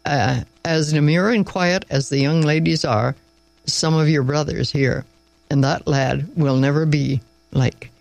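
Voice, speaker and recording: A man's voice: a little high, unhurried, dry recording, faint music behind. A man doing a blunt farmer father. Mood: earnest. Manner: gruff, homely, plain-spoken. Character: blunt old Northern farmer, plain-spoken father.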